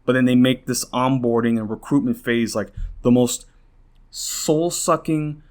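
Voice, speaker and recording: A man's voice: medium pitch, a little slow, darkish tone. A young man hosting a podcast, venting in a rambling, frustrated rant full of swearing and restarts, worn out and close to tears. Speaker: podcast host.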